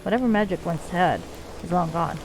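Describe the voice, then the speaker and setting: A woman voicing a gruff male dwarf clan leader, weary of endless war, in a put-on Scottish accent. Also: on the low side, brisk, noisy background, lightly acted. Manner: gruff, archaic folksy dwarf speech. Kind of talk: reading game dialogue aloud.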